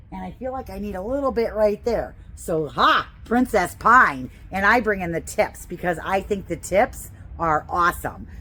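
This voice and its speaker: A woman's voice: medium pitch, a little hiss or hum, low-quality recording. Enthusiastic woman teaching porch arranging. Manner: enthusiastic, chatty, gushing over plants. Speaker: gardening instructor. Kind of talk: how-to demonstration. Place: outdoors on a porch.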